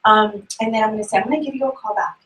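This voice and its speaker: A woman giving a sales tip to a group in a brisk way, asking the audience questions as she goes. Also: a little high, a bit bright, slight background noise. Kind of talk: motivational talk to a group. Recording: echoey room, mic far off.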